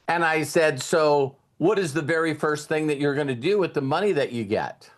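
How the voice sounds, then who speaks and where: Brief: man, slightly high voice, motivational speaker, loose spoken delivery with restarts. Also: animated, moderate pace. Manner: casual, repeats words, retells conversations. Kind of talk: motivational talk with storytelling.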